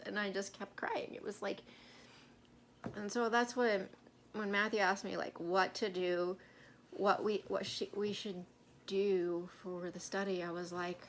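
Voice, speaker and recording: A woman's voice: medium pitch, steady tone, measured pace, slight background noise. A woman co-hosting a casual Bible-study chat, telling stories in a rambling way with many fillers. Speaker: co-host.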